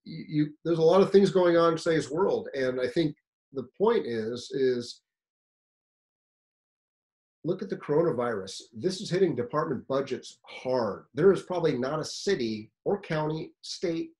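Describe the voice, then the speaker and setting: A man from the United States giving a fire service career seminar, telling a story in an animated, emphatic, conversational way. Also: fairly high pitch, normal speed, low-quality recording.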